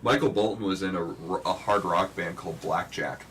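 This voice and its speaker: A man's voice: low-pitched, normal speed, fairly bright tone. A man hosting a casual podcast chat, laid-back and asking the questions. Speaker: podcast host. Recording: distant mic with faint noise.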